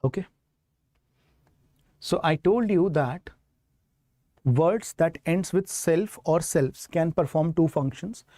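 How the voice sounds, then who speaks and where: A man with an Indian English accent teaches grammar to exam students online. His voice sits a little high but sounds mellow and soft-edged. It comes across close and dry, with no room around it. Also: takes it slowly, pauses often, no echo. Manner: explains step by step, asks students to confirm.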